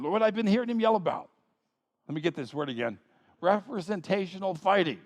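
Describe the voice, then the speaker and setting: A male pastor preaching a sermon with animated, playful asides. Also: high-pitched, normal speed. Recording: long reverb of a large hall.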